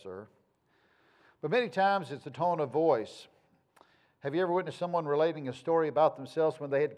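A man's voice: mid-range voice, darkish tone. A male pastor, preaching in a folksy, conversational way with homespun sayings. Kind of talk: sermon.

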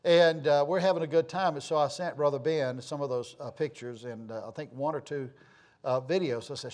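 A man's voice: on the high side, brisk, a little mellow. A man pastor telling folksy stories and announcements in church, rambling with many fillers and restarts. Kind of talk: informal sermon announcements and storytelling.

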